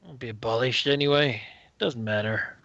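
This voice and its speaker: A man's voice: medium pitch, moderate pace, creaky, fairly bright tone, dry recording, highs cut off. A man voicing a drunken, bitter old lord who talks in a slurred, sulky, rambling way. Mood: dismissive.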